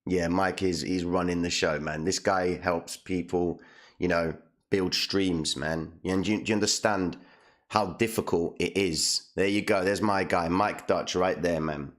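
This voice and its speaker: A man's voice: sits low, fairly even intonation, a little slow. A man hosting a casual live stream, talking in a hyped, slangy way and repeating his phrases, on a condenser mic. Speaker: livestream host.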